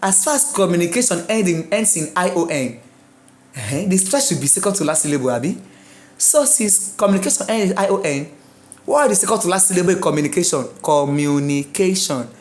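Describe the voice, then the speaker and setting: A woman teaching an exam prep lesson, drilling words slowly, spelling them out letter by letter and checking in with her students. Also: on the low side, very animated, darkish tone. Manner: checks in with listeners often. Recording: echoey room.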